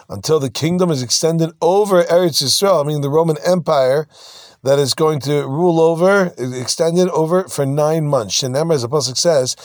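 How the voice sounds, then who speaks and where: A man's voice: fairly high pitch, moderate pace, no room sound, clean studio sound. A man giving a text-study lecture, reading passages and explaining them in casual everyday words, acting out the dialogue with animation. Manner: animated retelling with acted-out dialogue. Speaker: teacher.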